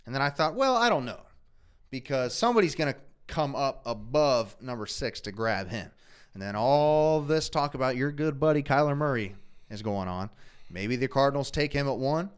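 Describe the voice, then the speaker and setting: A man co-hosting a casual fan chat show, talking through football news in a steady conversational way. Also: mid-range voice, normal speed, clear, resonant tone. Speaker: co-host.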